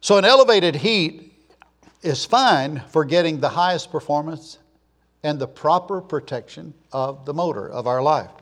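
A man preaching a sermon, emphatic, snapping between loud punchy words and quiet asides, using call-and-answer lists. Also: on the high side, expressive, moderate pace. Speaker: pastor.

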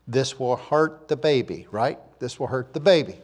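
A man preaching a sermon, emphatic, snapping between loud punchy words and quiet asides, using call-and-answer lists. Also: medium pitch, expressive, moderate pace. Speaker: pastor.

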